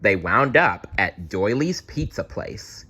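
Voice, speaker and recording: A man's voice: lowish voice, very animated, takes it slowly, pushed and bright, husky. A man reading a children's picture book aloud in a playful storytelling manner. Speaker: read-aloud narrator.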